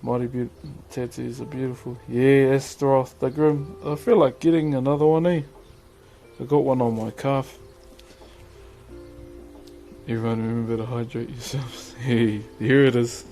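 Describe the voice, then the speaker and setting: A man with a New Zealand accent, a streamer casually chatting with viewers while woodcarving, laid-back and quick to laugh. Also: medium pitch, fairly even intonation, warm tone, faint music behind. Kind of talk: casual livestream chat answering viewers.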